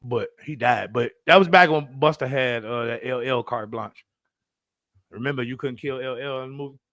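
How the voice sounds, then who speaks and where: A man co-hosting a podcast in casual chat, telling animated, profane stories and acting out other people's voices. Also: mid-range voice, normal speed, no room sound, clean studio sound. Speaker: podcast co-host.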